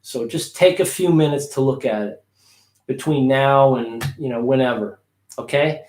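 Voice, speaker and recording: A man teaching English pronunciation on a livestream, repeating words slowly for practice. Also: medium pitch, a little mellow, echoey room.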